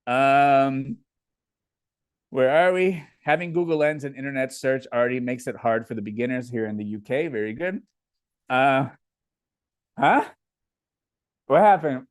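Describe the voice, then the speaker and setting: A man's voice: medium pitch, measured pace, pauses often, clean tone, dry recording. A man from Indiana, hosting a casual live Q&A and reading viewer comments aloud before answering them. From Indiana, USA. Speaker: livestream host.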